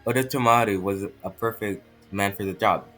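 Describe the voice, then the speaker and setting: A man voicing a sharp, blunt young female ninja with a put-on French accent, reading haltingly. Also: fairly low pitch, soft background music, close to an everyday voice, low-quality recording. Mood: urgent. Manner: stumbling, halting reading with restarts.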